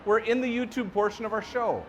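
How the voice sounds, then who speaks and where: A man's voice: high-pitched, a little fast, fairly bright tone, soft background music. A man co-hosting a casual talk show, teasing his partner and laughing through the banter. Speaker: podcast co-host. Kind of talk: casual chat. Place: live taping venue.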